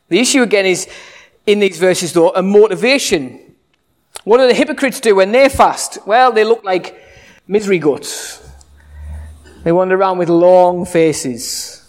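A man preaching with a high voice. He talks in a relaxed, chatty way, with jokes and rhetorical questions. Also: normal speed, long pauses. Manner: conversational, humorous, rhetorical questions. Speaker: pastor. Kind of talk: sermon.

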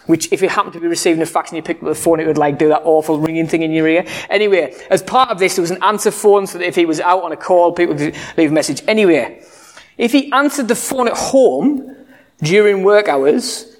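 A man's voice: high voice, fast. A man preaching a sermon in a conversational, humorous way, full of rhetorical questions. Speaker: pastor.

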